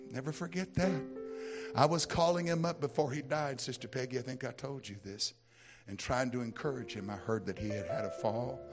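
An American middle-aged man preaching a sermon, telling folksy stories and rising into loud, emphatic preaching. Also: medium pitch, fairly quick. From United States. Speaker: pastor. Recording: music playing behind.

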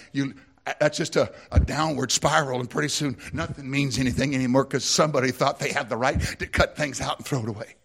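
A man with a Southern US twang preaching a lively sermon, laughing often and swinging from shouts to hushed asides. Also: medium pitch, vocal fry. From American South.

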